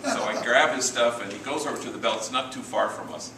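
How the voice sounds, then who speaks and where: A middle-aged man, a priest, telling anecdotes to a live audience in a lively, chuckling storyteller's manner. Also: mid-range voice, fast talker. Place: large room with a live audience. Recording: roomy, distant and noisy hall recording.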